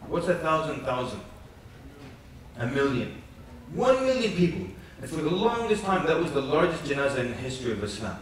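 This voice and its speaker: Animated preacher man in echoey hall. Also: a little high, brisk, distant mic, slight background noise. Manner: animated storytelling with jokes and acted quotes. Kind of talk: conference lecture. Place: large conference hall.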